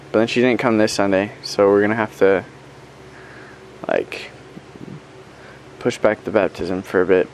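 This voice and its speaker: A man's voice: on the low side, slight background noise. A man in his twenties, a missionary, giving a casual, upbeat video update, talking chattily with lots of fillers.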